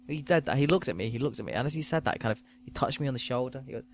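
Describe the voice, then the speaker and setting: A man's voice: medium pitch, very fast, hardly any pauses. A man hosting a podcast, rambling through a crude, self-mocking comic monologue. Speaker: podcast host.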